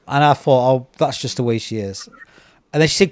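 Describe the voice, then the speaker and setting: A British man, a podcast host, telling a personal story in a casual, animated way, acting out the voices of people he quotes. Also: mid-range voice, fairly quick, no echo. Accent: British English. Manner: animated, acts out quoted voices, repeats words.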